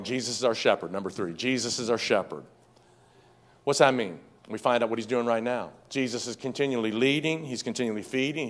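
A man preaching a sermon as pastor, repeating words and urging the congregation to say lines back to him. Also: mid-range voice. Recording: faint music behind.

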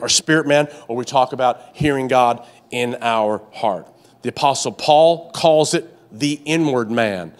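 A male pastor preaching a sermon to a congregation in a church, with a repetitive cadence, call-and-response prompts and stammering restarts when worked up. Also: medium pitch. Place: church sanctuary with live and online congregation.

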